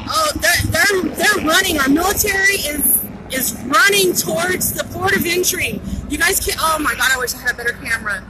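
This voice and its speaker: A breathless woman with a high voice streams outdoors from a handheld phone, reporting as a citizen on a pedestrian bridge by a busy border crossing. She talks at normal speed, unscripted, urgent and excited, repeating herself. Helicopters and traffic can be heard in the noisy recording.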